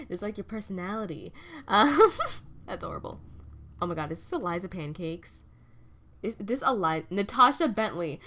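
A young woman talks her way through a life-simulation game in a loose, chatty manner, breaking into giggles often. Her voice swings widely between high, excited peaks and low, mumbled asides. The tone is relaxed and conversational, like thinking out loud. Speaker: gaming video host. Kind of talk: casual let's-play commentary.

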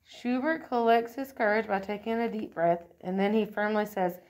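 A woman reading a children's picture book aloud in a clear, expressive and unhurried way. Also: medium pitch. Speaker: storyteller.

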